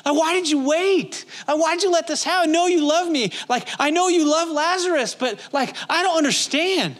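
A man voicing Martha, a grieving woman who pleads and asks question after question in a rushed, bewildered way. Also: very high-pitched, fairly bright tone, pitched above the performer's own voice. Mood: pleading.

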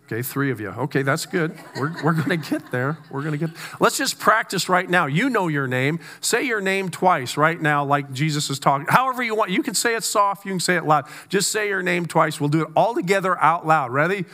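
A man preaching a conversational sermon, with stammered restarts and slow, weighty emphasis on key words. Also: a little high, animated, pushed and bright. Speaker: pastor.

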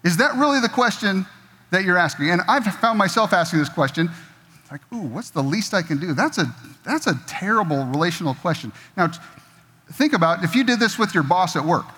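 Conversational preacher in a reverberant church. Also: male voice, high voice, expressive, fairly quick, sharp tone, slight background noise. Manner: conversational, jokey, acts out quoted voices. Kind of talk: sermon. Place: church sanctuary. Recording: long reverb of a church hall.

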